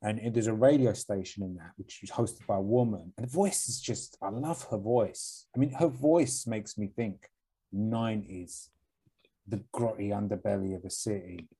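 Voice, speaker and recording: A young man with a Cockney accent chatting on a podcast. His voice is dark and husky. He talks in a mumbly, blunt way and swears often. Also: on the low side, normal speed. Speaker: podcast co-host. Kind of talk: casual chat.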